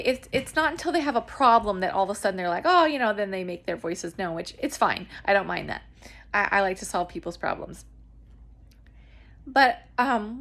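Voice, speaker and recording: An earnest woman talks to her camera at home, chatty and full of fillers and restarts. Her pitch climbs high and lively when she gets emotional about her home business. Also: a little hiss or hum. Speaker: network marketing distributor. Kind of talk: casual talk to camera. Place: at home with children nearby.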